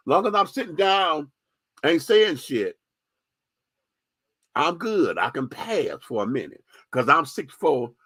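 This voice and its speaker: A man's voice: on the high side, sharp tone, husky, dry recording. A man hosting a radio show, giving a candid, profane, sassy opinion monologue with lots of emphasis.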